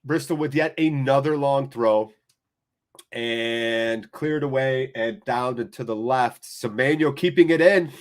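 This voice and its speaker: An American man hosting a live fan watchalong, calling the play and chatting with viewers in an excitable, chatty way. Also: medium pitch, a little slow. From United States.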